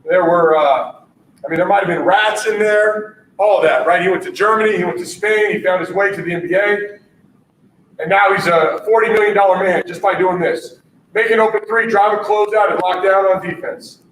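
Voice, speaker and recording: Male basketball coach presenting at a conference, high voice, punchy catchphrase delivery, echoey distant room mic. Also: normal speed, a little hiss or hum. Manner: energetic, punchy, repeats catchphrases, keeps asking "all right?".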